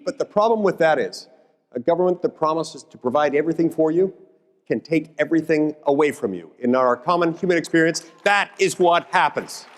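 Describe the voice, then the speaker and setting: Man, senator, measured, declarative, slightly high voice, hall reverb. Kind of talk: panel discussion.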